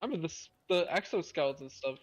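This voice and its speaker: A man's voice: fairly high pitch, lively intonation. Joking man in his thirties. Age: 30s. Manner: laughing, joking, halting. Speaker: player. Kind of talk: casual chat at a game table.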